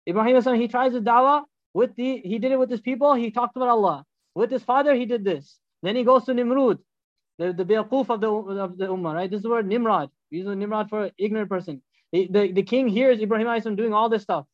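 A man giving a storytelling sermon as a religious teacher, animated and acting out the dialogues. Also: high voice, quick pace, no echo, dull audio.

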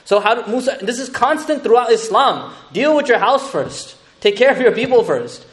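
A man giving an animated, conversational sermon. He often mixes Arabic terms into his talk. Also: extremely high pitch, moderate pace. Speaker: Islamic teacher. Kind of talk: sermon, storytelling commentary.

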